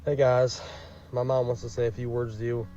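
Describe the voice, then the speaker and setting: A man's voice: mid-range voice, little pitch movement, a little fast, warm tone, recorded from a distance. A man in a car urgently pleading with his viewers for donations, holding back tears. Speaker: streamer asking for donations. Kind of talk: pleading livestream appeal. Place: inside a car. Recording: muffled clip with music behind.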